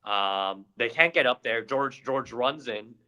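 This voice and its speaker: A young adult man, a podcast co-host, retelling events in a casual, animated storytelling way. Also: mid-range voice, unhurried, poor audio. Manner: animated retelling with acted-out quotes.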